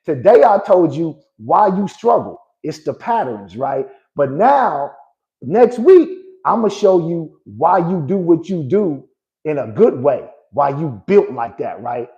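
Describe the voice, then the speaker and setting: A man in his forties hosts a motivational live talk as a life coach, with a slightly raised pitch that climbs and dips freely. His tone is warm and mellow rather than bright. He preaches with emphasis and keeps checking that his listeners are with him. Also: big pitch swings, unhurried, highs cut off. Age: 40s. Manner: emphatic and preachy, tags lines with "right?" and "good people".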